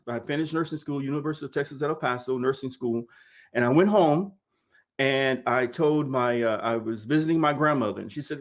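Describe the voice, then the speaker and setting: Man from Mississippi telling his story. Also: medium pitch. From Mississippi, United States. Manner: lively storyteller acting out quoted dialogue, repeats words. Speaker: nurse interviewee. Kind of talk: oral history storytelling.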